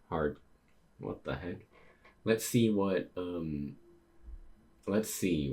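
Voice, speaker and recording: Reading a manga chapter out loud, this young man keeps the dialogue plain but stops now and then to comment and react with surprise. He speaks slowly, with long pauses, in a low voice with a darkish tone.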